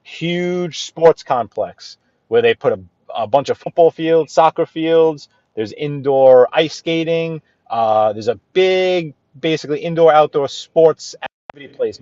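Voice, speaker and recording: A man's voice: mid-range voice, darkish tone, no room sound. Give me a chatty Brooklyn man talking while he drives. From Brooklyn, New York. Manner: rambling, chatty, answers viewers' comments. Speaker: livestream host. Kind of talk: casual live-stream chat while driving. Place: in a car. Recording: dull, dry lo-fi sound.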